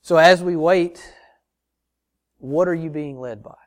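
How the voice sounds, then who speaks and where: Pastor, male, fairly high voice, earnest sermon full of questions to the pews. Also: slow. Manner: earnest preaching with repeated rhetorical questions to the congregation; addresses listeners as brothers and sisters.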